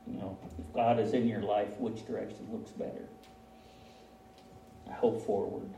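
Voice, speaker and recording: A pastor with a lowish, warm voice delivers a conversational sermon in a flat manner at a moderate pace, with slight background noise. His preaching is folksy and chatty, and he often chuckles at himself. He was recorded from a distance in an echoey church hall.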